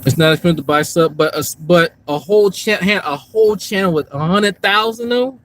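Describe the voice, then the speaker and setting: The voice is high and fairly bright, moving at a fairly quick clip, on a low-quality recording. It belongs to a YouTube commentary streamer casually rambling and swearing to his chat, first in a park, then in a parked car.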